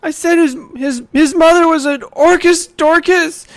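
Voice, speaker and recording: A man voicing a timid young elf boy who pleads in a high, breaking voice. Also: steady tone, unhurried. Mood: whiny.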